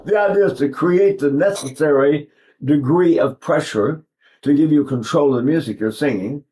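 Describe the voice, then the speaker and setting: Older man, voice teacher, rambling lesson, fairly high voice. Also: moderate pace, dark tone. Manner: rambling, with sung demonstrations. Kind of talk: vocal technique lesson.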